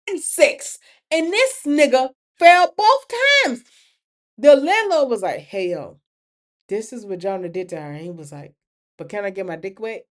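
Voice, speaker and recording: Animated woman recapping TV shows. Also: sits high. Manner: animated, acts out characters' lines. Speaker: podcast host. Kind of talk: casual TV recap chat.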